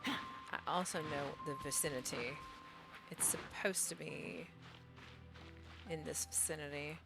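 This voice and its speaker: A woman's voice: low voice, measured pace, vocal fry, over loud music. A woman streamer giving casual, playful commentary as she plays a game. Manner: chatty, playful, laughs easily.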